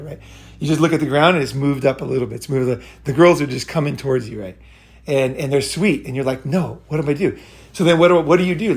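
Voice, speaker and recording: A man talks in a loose, unscripted monologue for his own channel, blunt and profane. He circles back on his points, restarts sentences, and keeps checking in with "okay?" His voice sits a little higher than most men's. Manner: rambling and blunt, swears freely, keeps asking "right?" and "okay?". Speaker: channel host giving dating advice. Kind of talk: casual monologue.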